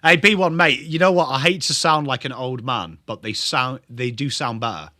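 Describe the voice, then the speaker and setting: English male streamer, young, bright and animated, calls the footy and chats to viewers, dry close mic. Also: medium pitch, moderate pace, no echo. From England. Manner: chatty, greets viewers, lively. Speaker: livestream host. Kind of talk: live football watchalong commentary.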